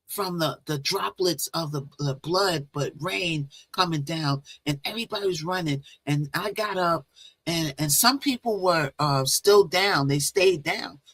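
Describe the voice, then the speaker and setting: A woman's voice: fairly low pitch, a bit bright, no room sound. A woman hosting her own livestream, telling a long dream story in a rambling, chatty way and greeting viewers as she goes. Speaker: livestream host. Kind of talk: casual live-stream storytelling. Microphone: phone or laptop with Bluetooth.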